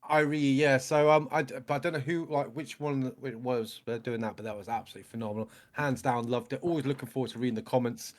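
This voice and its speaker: A man's voice: mid-range voice, fairly even intonation, fast talker, hardly any pauses. A British man co-hosting a reaction video, speaking enthusiastically and effusively in casual chat. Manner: enthusiastic, effusive, leans on "mate".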